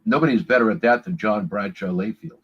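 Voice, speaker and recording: An older man speaks as an interview guest, plain and self-deprecating. His husky voice comes through dull, lo-fi remote audio. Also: fairly low pitch, animated, brisk. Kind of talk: casual interview chat.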